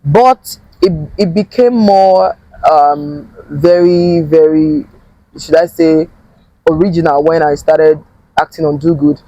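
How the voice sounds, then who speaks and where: A woman's voice: sits low, slow, no echo, poor audio. A young adult Nigerian woman being interviewed as an actor, talking animatedly and switching between English and Pidgin. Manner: animated, mixing English with Pidgin, laughs often. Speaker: actor guest. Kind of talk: casual interview chat.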